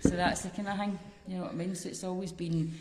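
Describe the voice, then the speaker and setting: A Scottish woman talks in a fairly low voice, telling lively stories and swearing freely as a comedy guest. Her voice rings out with a long reverb, as if in a large echoey room. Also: fast talker, background noise. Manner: swears freely, animated storytelling with frequent laughs. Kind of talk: casual chat.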